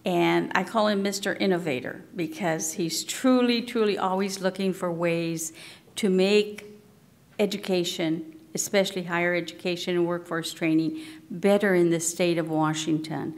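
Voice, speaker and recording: A woman's voice: fairly low pitch, steady tone, moderate pace. A woman introducing a speaker at an event, chatty and full of fillers. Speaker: state representative introducing a speaker. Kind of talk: public speech.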